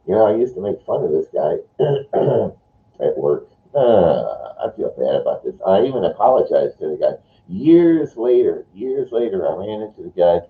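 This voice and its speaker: Older male morning host, low and animated, chatty rambling monologue over a phone-like line. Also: normal speed. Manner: rambling, chatty, playful voices. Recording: tinny phone-like sound.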